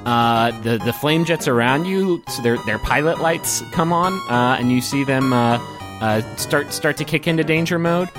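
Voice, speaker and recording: A man narrating as game master, halting with many ums and uhs. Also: medium pitch, over music.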